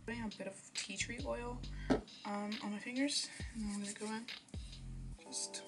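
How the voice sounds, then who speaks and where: A woman's voice: fairly high pitch, steady tone, normal speed. A young woman vlogging casually as she does her hair at home at night, rambling and sometimes dropping to a whisper. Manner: chatty, rambling, drops into whispers. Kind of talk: casual chat. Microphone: phone or built-in mic. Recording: music in the background.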